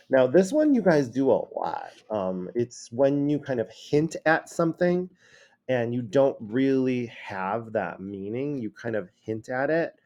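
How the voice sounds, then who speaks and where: A male high school teacher giving a casual classroom lecture, acting out example phrases in different tones. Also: mellow, highs cut off. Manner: casual, acts out quoted phrases with shifting tone.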